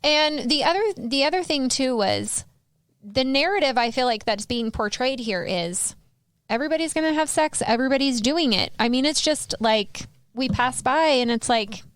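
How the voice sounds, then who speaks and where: Earnest woman host, smooth voice. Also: high voice, lively intonation, moderate pace, a bit bright, no echo. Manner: earnest, questioning, many restarts. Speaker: podcast host. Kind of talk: casual discussion.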